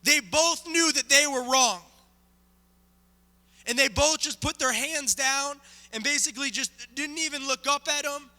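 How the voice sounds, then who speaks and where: A man's voice: very high-pitched, measured pace, sharp tone. A man preaching as a guest speaker, telling a story dramatically and acting it out with volunteers. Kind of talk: sermon storytelling. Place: church sanctuary. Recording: reverberant church hall.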